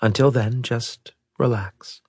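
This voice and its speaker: A man voicing a kind young female nurse with a soft, soothing manner, raised above his own pitch. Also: steady tone, slow pace, slightly rough, dry recording, studio quality.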